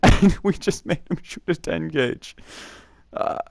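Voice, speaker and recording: Speaking at a measured pace in a voice on the high side with vocal fry, this young scout camp storyteller rambles through camp tales for a casual vlog. He laughs a lot and is full of fillers like "uh" and restarts; the recording is dry and studio quality.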